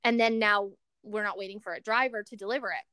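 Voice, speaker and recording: A woman's voice: mid-range voice, fast talker, clean tone, no room sound, studio quality. A young woman, co-hosting a podcast and telling a story in casual chat, acting out the voices of the people in it. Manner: animated storyteller who acts out quoted voices. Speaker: podcast co-host.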